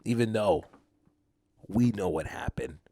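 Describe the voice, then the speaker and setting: A man who hosts a comedy podcast, telling a story in an animated way, mixing Spanish slang into casual English and saying "dude" a lot. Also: on the low side, measured pace, slightly rough, dry recording. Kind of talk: comic storytelling.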